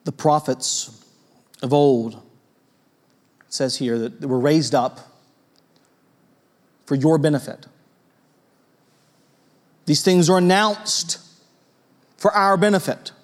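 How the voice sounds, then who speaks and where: A man preaching a sermon in a church, conversational and lively, with a storytelling manner and frequent asides to his listeners. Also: a little high, slow, pauses often. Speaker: pastor.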